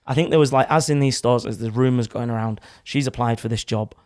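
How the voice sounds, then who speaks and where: A man's voice: medium pitch, fast, a little mellow, no room sound, clean studio sound. A young man, casually telling a rambling story in a podcast chat, with some swearing. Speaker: podcast guest. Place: studio. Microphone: studio microphone.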